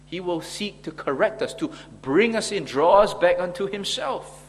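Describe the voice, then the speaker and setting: A man's voice: high-pitched, lively intonation, moderate pace, a little hiss or hum. A man preaching a sermon, earnest and rhetorical, asking the congregation questions and now and then stumbling on fillers.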